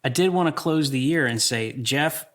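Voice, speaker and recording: A man's voice: fairly high pitch, fairly bright tone. A man co-hosting a movie podcast in casual chat, upbeat and steering the segments. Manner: upbeat, runs the segments, quick to laugh. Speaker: podcast co-host.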